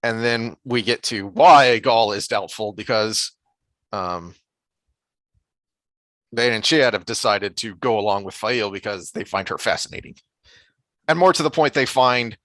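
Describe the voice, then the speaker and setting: A man's voice: on the low side, measured pace, a bit bright, no echo. A man co-hosting a casual book discussion podcast, thoughtful and full of fillers and restarts, sometimes reading passages aloud. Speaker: podcast co-host.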